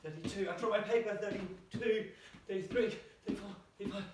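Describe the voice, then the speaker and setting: His voice sits high and moves fairly quickly as he counts each jump during an at-home exercise class, huffing harder as he goes. The background is noisy, the small room echoes, and the microphone is far away.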